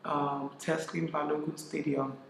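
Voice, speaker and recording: Young Nigerian-born male vlogger, candid and animated, slightly high gravelly voice, recorded in an echoey room. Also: unhurried, slight background noise. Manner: candid, animated retelling with reported speech. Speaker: vlogger and former caterer. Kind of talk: casual storytelling to camera.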